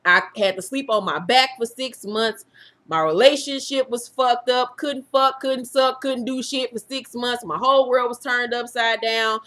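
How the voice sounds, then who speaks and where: A woman in her thirties with a bright, forceful voice, speaking straight to her viewers as a YouTube host. She talks frankly and swears freely, and she laughs through the hard parts of her story. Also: fairly high pitch, steady tone, moderate pace. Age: 30s. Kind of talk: candid personal storytelling to viewers.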